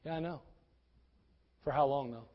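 A man preaching a sermon, moving between loud, urgent exhortation and quiet pleading. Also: medium pitch, normal speed, in a large hall, lo-fi sound.

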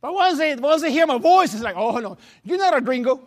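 High-voiced Spanish-accented man preaching. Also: lively intonation, brisk. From Latin America. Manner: repeats words and restarts, laughs at himself, storytelling. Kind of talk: sermon. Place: church sanctuary.

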